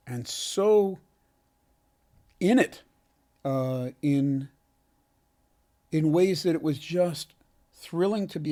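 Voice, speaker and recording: A man, an actor being interviewed, telling a heartfelt story in an earnest, halting way with many restarts. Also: fairly high pitch, dark tone. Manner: halting, frequent restarts and self-corrections. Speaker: actor, podcast guest.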